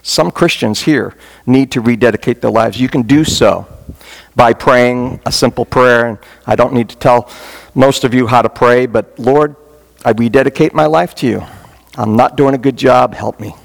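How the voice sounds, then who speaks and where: A man with a gravelly, creaky voice preaches as a pastor from a church, leading an altar call. He talks in an earnest, folksy way, with touches of humor. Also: mid-range voice, normal speed. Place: church sanctuary.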